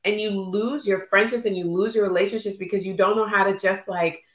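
This woman, a podcast co-host who is postpartum, has a mid-range voice with a steady tone and talks a little fast in an echoey room. Her casual chat about a friendship is candid and emotional, and she often acts out quotes.

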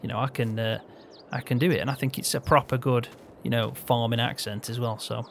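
A man's voice: medium pitch, fairly even intonation, fairly quick, creaky, slight background noise. A man from England's Peak District, chatting casually and laughing often while hosting a farming game video. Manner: easygoing, rambling, laughs often. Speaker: gaming channel host.

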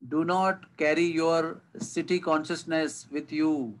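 A man's voice: on the high side, takes it slowly, poor audio. Man giving a devotional talk. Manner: storytelling, rhetorical questions, lively emphasis. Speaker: spiritual teacher. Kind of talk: devotional lecture. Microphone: video call.

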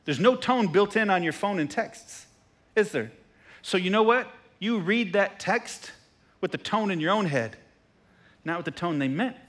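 Lively pastor preaching with a slightly high voice. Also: male voice, measured pace. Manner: animated storyteller with self-deprecating asides, tags lines with "right?". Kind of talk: sermon.

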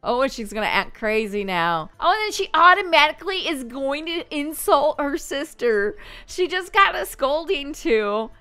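A woman hosting a gaming channel, chatting and thinking aloud as she comments on her gameplay, quick to laugh. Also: sits high, lively intonation, pushed and bright, soft background music.

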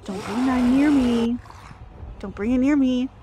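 A young woman livestreaming a horror game to chat, jumpy and excitable, laughing and gasping as she pleads with her friends. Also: high-pitched, a little slow, music in the background. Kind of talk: live gameplay commentary to chat.

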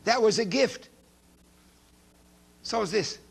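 A man preaching a sermon, emphatic and preachy, swinging between loud declarations and hushed asides, and reading scripture aloud quickly. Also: high voice, vocal fry, slightly rough.

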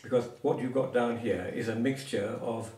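In an informal one-on-one language lesson, a man teaches Cornish words, patiently explaining with asides and examples. His mid-range voice is steady and dark, at normal speed. The recording sounds roomy and distant.

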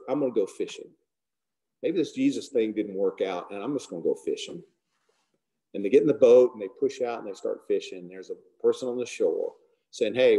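A man's voice: mid-range voice, gravelly, warm tone. A man leading an informal Bible fellowship, retelling scripture conversationally and acting out the dialogue. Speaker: Bible study teacher.

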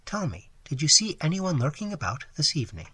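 A man voicing a hushed, scheming young lady. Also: on the high side, sing-song, fairly quick, slightly rough, no room sound, heavily acted. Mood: confiding. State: hoarse. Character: scheming genteel young woman feigning distress.

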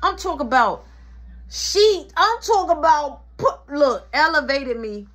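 A woman's voice: high voice, lively intonation, measured pace, a bit bright. A woman telling a comic first-person story in a dramatic, breathless, playful way. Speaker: comedic storyteller.

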